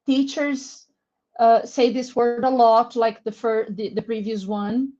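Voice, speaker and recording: A Brazilian-accented woman runs a live online webinar for teachers, speaking slowly and deliberately. Her voice sits a little high, and she praises participants by name as she goes. The audio is muffled and lo-fi, like a video call. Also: fairly even intonation, warm tone. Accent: Brazilian Portuguese. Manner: encouraging, reads out names from chat; slow, careful word-by-word explanation. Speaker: webinar presenter for English teachers.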